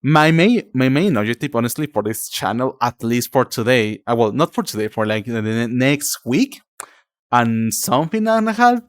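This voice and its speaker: Lively male streamer. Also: mid-range voice, dry recording, clean studio sound. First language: Spanish. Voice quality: halting, searching for words in a second language. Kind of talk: casual live-stream chat, reading chat aloud.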